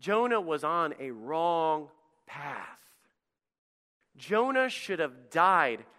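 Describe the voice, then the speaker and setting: A male pastor delivering an impassioned sermon, rising to loud appeals and dropping to hushed, quiet lines. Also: on the high side, big pitch swings, very slow. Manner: impassioned preaching, swings between loud and hushed. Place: church sanctuary. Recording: long reverb of a church hall.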